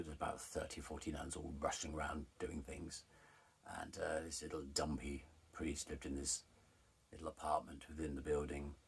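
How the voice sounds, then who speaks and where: A man's voice: a bass voice, husky. A middle-aged man frankly telling a personal story, retelling scenes with animation.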